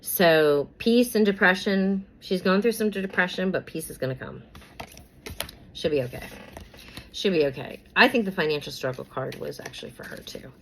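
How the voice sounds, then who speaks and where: A woman's voice: fairly low pitch, normal speed, fairly bright tone, a little hiss or hum, low-quality recording. A woman chatting casually about celebrity gossip while doing her makeup, rambling with many fillers and repeats, and sometimes whispering names as she pulls cards.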